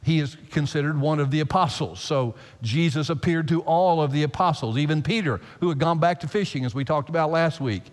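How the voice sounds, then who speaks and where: A man preaching a sermon as pastor, emphatic and animated, repeating phrases for effect. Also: on the high side, a little fast, hardly any pauses. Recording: long hall reverb.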